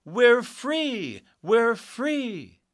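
A man voicing a crowd of cheerful little people in a storybook reading, high and eager. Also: big pitch swings, takes it slowly, no room sound, studio quality, full character voice.

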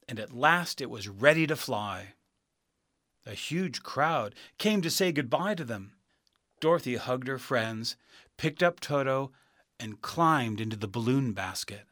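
A man reads a storybook aloud at an unhurried pace, his voice rising and falling in lively arcs. The recording is dry and close. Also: mid-range voice, dry recording. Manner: slow and expressive. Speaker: narrator.

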